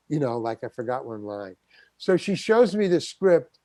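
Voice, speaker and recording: A man's voice: medium pitch, sing-song, moderate pace, dark tone, no room sound. An older man, a guest actor, telling a story in an interview and acting out the quotes. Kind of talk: anecdotal storytelling.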